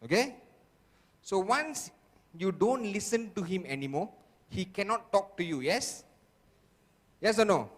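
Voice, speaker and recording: A seminar speaker gives a motivational talk in a high, animated voice, speaking a little slowly and pausing often. He keeps checking in with the audience and acts out the voices of people he quotes, with long hall reverb around him.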